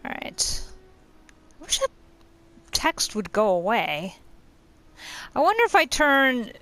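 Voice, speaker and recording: A woman's voice: sits high, wildly swooping pitch, takes it slowly, a bit bright. A woman casually commenting on her game as she plays, thinking aloud and trailing off mid-sentence. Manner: chatty, thinking aloud, hesitant with fillers. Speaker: gamer playing and commenting. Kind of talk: casual let's-play commentary.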